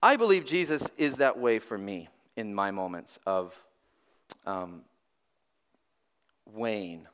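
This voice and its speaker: A man preaching a weekend sermon, lively and conversational, with restarts and dramatic swings between loud and soft. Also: on the low side, takes it slowly, pauses often, a little hiss or hum. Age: adult parent. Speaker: pastor.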